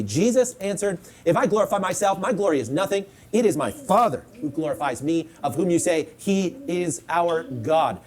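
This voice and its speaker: A male preacher delivers a sermon with emphatic conviction. He reads scripture aloud and repeats lines for effect. His voice sits fairly high and swings widely in pitch. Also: darkish tone. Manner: emphatic, repeats key lines and asks rhetorical questions.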